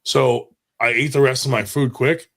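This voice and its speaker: A man's voice: medium pitch, fairly even intonation, moderate pace, a bit bright. A man telling rambling, profane stories in casual podcast chat, often laughing as he talks. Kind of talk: casual storytelling.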